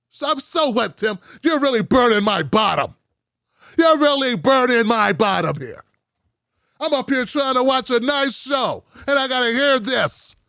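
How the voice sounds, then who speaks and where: A man's voice: high-pitched, a bit bright, no room sound, clean studio sound. A man voicing a petulant, bigoted male TV viewer, mocking him with exasperated, sarcastic complaints.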